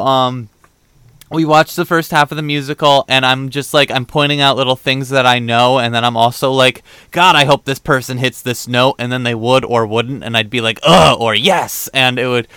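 A man's voice: medium pitch, sharp tone, clean tone, no room sound. A young man hosting a podcast, chatting casually and rambling through a dating story, acting out the quoted back-and-forth with lots of fillers. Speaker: podcast host. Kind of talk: casual chat.

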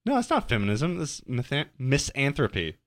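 A man's voice: medium pitch, wildly swooping pitch, moderate pace, no echo, studio quality. A man co-hosting a podcast, chatting casually over a movie and tossing out absurd joking one-liners. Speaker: podcast co-host.

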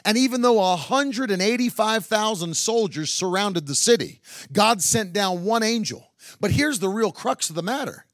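A male preacher with a high voice that leaps all over its range. He moves from easy, joking talk into shouted, half-sung climaxes. The sound is close and dry, with no room around it. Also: lively intonation, moderate pace, dry recording. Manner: builds to shouted, sing-song climaxes, with woos and hallelujahs; chatty and joking in quieter stretches. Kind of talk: sermon.

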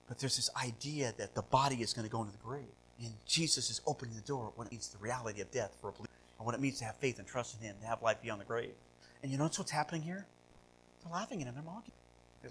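A male pastor preaching a sermon, asking rhetorical questions and swinging between loud, animated passages and hushed ones. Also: fairly high pitch, low-quality recording. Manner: rhetorical questions, repeats words.

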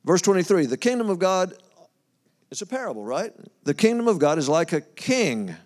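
A man delivers a sermon in a relaxed, conversational way, his voice sitting a little high for a man. He reads scripture aloud, stops to explain it, and chats with his listeners. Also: moderate pace. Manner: folksy, talks to the congregation, loses his place and laughs. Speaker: preacher.

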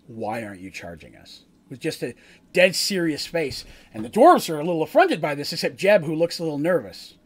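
Guy running a tabletop game, talks in loose rambly recaps, keeps restarting sentences, voice a bit high. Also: lively intonation, fairly quick, husky. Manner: rambling, self-correcting, chatty asides. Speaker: game master.

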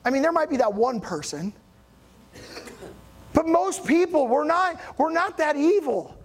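A male pastor giving a relaxed, conversational sermon in a church. He talks like he's chatting with friends, checking in with the congregation and pushing his voice up with emphasis on the big points. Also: very high-pitched, a little slow. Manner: animated, rising emphasis on key points.

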